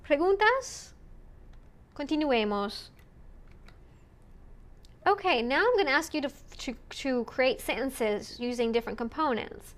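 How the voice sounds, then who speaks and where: A woman teaching a recorded language lesson, slowly modeling words for students to repeat. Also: high voice, animated. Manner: slow and deliberate, models words for repetition. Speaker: Spanish teacher.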